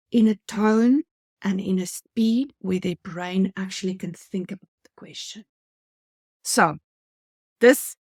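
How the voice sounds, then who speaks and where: Woman, customer service trainer, earnest coaching talk, gravelly edge, dry close sound. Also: medium pitch, darkish tone, no echo. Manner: earnest, coaching, directly addresses viewers.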